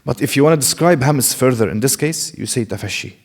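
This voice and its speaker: Fast and animated, a mid-range-voiced Quran recitation teacher gives a lecture in a mosque classroom, carefully explaining and demonstrating sounds himself. He asks his class rhetorical questions, and a long reverb tail follows his speech.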